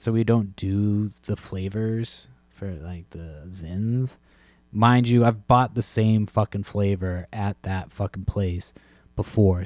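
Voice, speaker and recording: Man, thirties, podcast host, chest cold, low voice, dry close sound, profane rambling. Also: darkish tone, no echo. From Massachusetts, USA. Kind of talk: casual rambling monologue.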